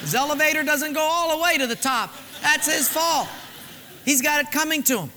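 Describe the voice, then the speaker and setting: Sharp-tongued wife, quick mocking quips, bright voice, a man putting her on. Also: extremely high pitch, in a large hall, slight background noise, voice pushed up, full character voice.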